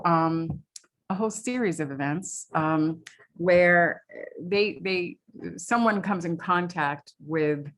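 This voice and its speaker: A woman from New England reads aloud from her novel at a library talk. Her voice sits on the low side, and she pauses with fillers between passages. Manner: hesitant with fillers between readings. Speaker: author.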